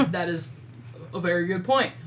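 A woman narrating as game master of a tabletop role-playing game, casual and quick to laugh. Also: on the low side, a little hiss or hum. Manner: casual, laughing, puts on voices for characters.

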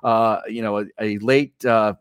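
A man's voice: fairly low pitch, fairly even intonation, a little slow, clear, resonant tone, no echo, studio quality. A man hosting sports talk radio who steers the conversation, easygoing with frequent "uh" and "you know.".

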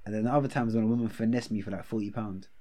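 Young man, casual storytelling, animated, laughing, slangy. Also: lowish voice, racing. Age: young adult.

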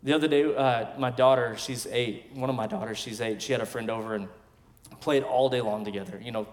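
A man in his thirties, a pastor, preaching a sermon in emphatic bursts with quiet asides between. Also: medium pitch, fairly even intonation, a little fast. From West Texas. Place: large church sanctuary. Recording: long hall reverb from a church sanctuary.

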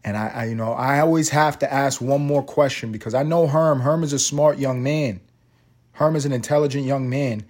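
A man's voice: mid-range voice, moderate pace, a little mellow. Profane rambling male podcast host. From Puerto Rico. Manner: rambling, profane, tangent-prone storytelling. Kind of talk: profane solo podcast rant.

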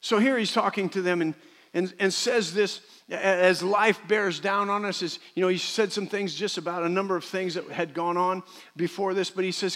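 High, bright-voiced preaching pastor. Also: male voice, moderate pace. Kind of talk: sermon. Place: church sanctuary.

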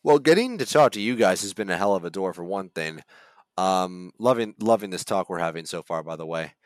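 A male voice actor talks casually as a podcast guest. His voice is low and smooth, recorded dry and close. He rambles in a relaxed way, with plenty of fillers along the way. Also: a little fast, no echo.

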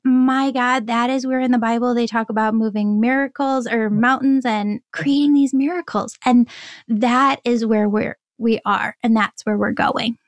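A woman guest on a podcast interview, a spiritual teacher speaking in a slow, earnest, preaching way. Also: fairly high pitch, fairly even intonation, no echo.

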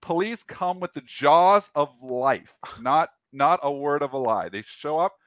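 A man's voice: fairly high pitch, unhurried, no room sound. A man hosting a show, casually telling a long funny anecdote and acting out the quotes. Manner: animated anecdote with acted-out quotes and restarts. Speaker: show host. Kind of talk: casual storytelling on a market show.

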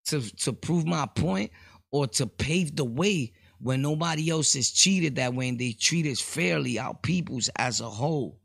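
A man's voice: fairly high pitch, measured pace, gravelly, dry recording, clean studio sound. A man hosting a solo podcast, rambling casually with street slang and laughing asides. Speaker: podcast host.

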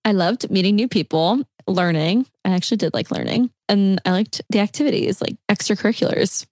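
A young woman from Nebraska co-hosting a podcast in casual chat, bubbly and quick to laugh. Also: mid-range voice, animated, darkish tone, dry recording, studio quality. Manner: bubbly, laughs often, says "like" a lot. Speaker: podcast co-host.

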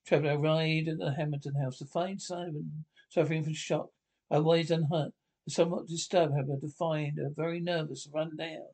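A man's voice: fairly high pitch, little pitch movement, a little fast, darkish tone. A man reading a radio drama script aloud, narration and stage directions included, with stumbles and restarts. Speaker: reader.

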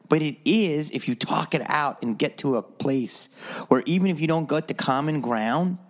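A man hosting a solo podcast, rambling through stories with a sarcastic edge. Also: medium pitch. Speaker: podcast host.

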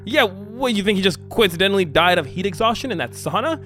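A man voicing an obsessive male fan turned killer, stammering and fake-nervous at first, then shouting frantically. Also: a little high, animated, brisk, faint music behind, pitched above the performer's own voice. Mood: frantic.

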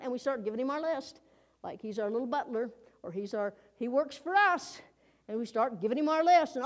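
A woman's voice: high-pitched, brisk. A woman preaching a conversational sermon in a folksy manner, often asking her listeners rhetorical questions.

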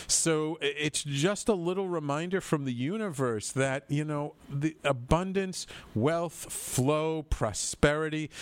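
A man's voice: on the high side, no room sound. A man hosting a radio talk show, chatting with enthusiasm and rambling through many fillers.

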